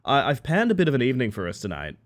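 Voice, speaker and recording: A man's voice: medium pitch, wildly swooping pitch, racing. Guy streamer chatting w his viewers, goofy and rambly, voice jumps all over. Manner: rambling, playful, greets chat by name. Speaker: live streamer. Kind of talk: casual live-stream chat.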